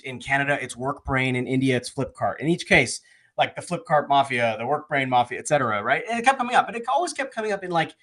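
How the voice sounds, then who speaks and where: Male author, interview guest, lively anecdotal delivery, fairly high voice. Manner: animated, conversational, many fillers and restarts. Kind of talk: casual storytelling.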